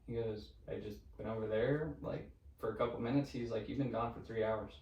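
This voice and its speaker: A man's voice: on the low side, a little fast, muffled recording, slight background noise. Casual man telling spooky stories, roomy sound. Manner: profane, animated storyteller. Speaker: podcast co-host. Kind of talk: casual storytelling chat. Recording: roomy, distant mic.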